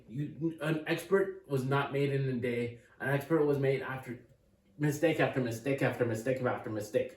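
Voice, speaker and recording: At a board, a male math tutor teaches casually and cheerfully, thinking out loud and cheering the viewer on. His mid-range voice is a little mellow and moves at a normal pace, captured by a distant mic in an echoey room.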